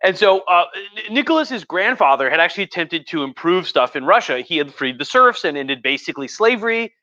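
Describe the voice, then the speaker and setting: A man's voice: high voice, sing-song, brisk, bright, forceful tone, dry recording, highs cut off. A tipsy man, a history professor, rambling casually and profanely about history on a livestream. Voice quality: profane, rambling, lots of fillers. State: tipsy from wine.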